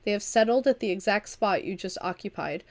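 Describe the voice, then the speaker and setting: A woman's voice: mid-range voice, expressive, a little fast. A woman reads a vampire story game aloud on a livestream. She is at the tail end of an illness, stumbles and restarts now and then, and drops into chatty asides between passages. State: recovering from a long illness. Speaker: streamer and storyteller. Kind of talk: reading a vampire visual novel aloud on a livestream.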